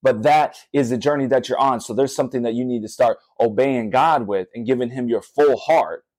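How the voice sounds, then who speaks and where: On a podcast sermon, a young adult or middle-aged father speaks fairly quickly in a mid-range, darkish voice, with no echo but poor audio. He preaches earnestly straight to his listeners, circling back to the same points often.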